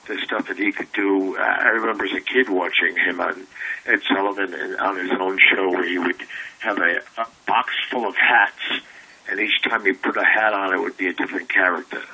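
A man in his seventies, a comedy writer and warm-up comedian, telling anecdotes in a lively way and acting out voices. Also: lowish voice, low-quality recording. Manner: animated storyteller who acts out voices.

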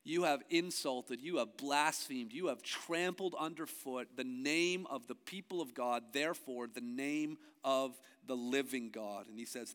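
A male pastor preaching a sermon who moves from low, slow emphasis to loud, rising passages. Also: clear, resonant tone, long reverb tail.

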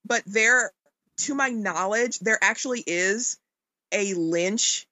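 A woman's voice: mid-range voice, slow pace, sharp tone, no room sound. A woman in her forties co-hosting a podcast, reacting with laughter and swearing. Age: 40s. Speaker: podcast co-host. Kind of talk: casual podcast chat.

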